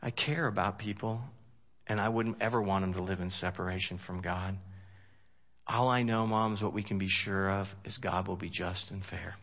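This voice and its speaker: A man preaching a sermon in a folksy, joking way, swinging from loud emphasis to hushed storytelling. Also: deep voice, steady tone, normal speed. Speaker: pastor.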